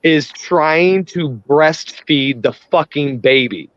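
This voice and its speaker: A man's voice: on the high side, slow pace, fairly bright tone, no echo. A man in casual chat, talking in a profane, worked-up rant. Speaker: podcast host. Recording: dry, dull lo-fi sound.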